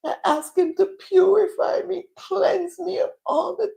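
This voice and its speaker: A woman's voice: very high-pitched, fairly even intonation, unhurried, vocal fry, mellow. A woman hosting a livestream, tearful and preaching as she pleads with her viewers. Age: adult with children. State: crying at times. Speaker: livestream host. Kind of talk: emotional livestream talk.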